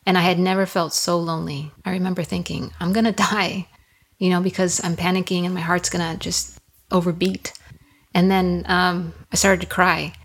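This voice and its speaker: A woman's voice: lowish voice, flat delivery, normal speed, husky. A young woman on a podcast as a guest, telling a personal story in an earnest, candid way and often repeating her words.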